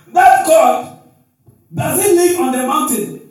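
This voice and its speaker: A male preacher delivering a sermon in call-and-response style, with shouted exclamations and frequent hallelujahs. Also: extremely high pitch, big pitch swings, takes it slowly. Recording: echoey hall, distant mic, faint music.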